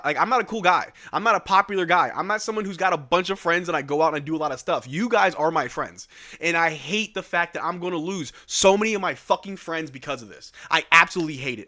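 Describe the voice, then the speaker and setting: A man's voice: a little high, sharp tone. A man hosting a live sports stream, talking candidly and rambling to his viewers with casual slang and cursing. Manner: candid, rambling, repeats himself.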